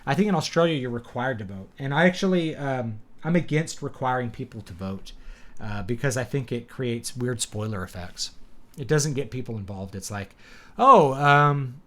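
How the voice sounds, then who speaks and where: A man's voice: medium pitch, lively intonation, moderate pace. A man hosting a casual live talk show, rambling and opinionated, with sarcastic asides and many fillers and restarts. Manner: sarcastic, laughs at his own points. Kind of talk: casual livestream chat.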